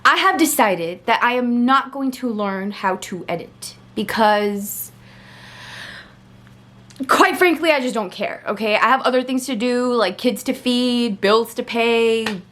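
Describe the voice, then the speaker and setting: Chatty young woman, slightly high voice. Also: unhurried. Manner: chatty and digressive, laughs at herself; animated when retelling arguments. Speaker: vlogger. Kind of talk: casual storytime monologue.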